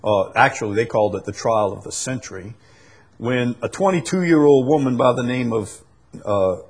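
A man preaching a sermon, swinging from loud emphatic peaks to soft low drops and stretching key words. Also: moderate pace, husky.

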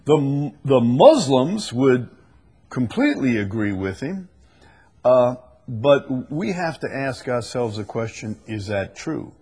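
A man's voice: mid-range voice, big pitch swings, slow, warm tone, slightly rough. A man preaching a sermon and reading scripture aloud, earnest and rising to emphasis on the verses.

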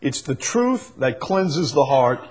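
Husky-voiced preacher, slow and dramatic. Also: male voice, very animated. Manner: swings from loud emphatic peaks to soft low drops, stretches key words. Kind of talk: sermon.

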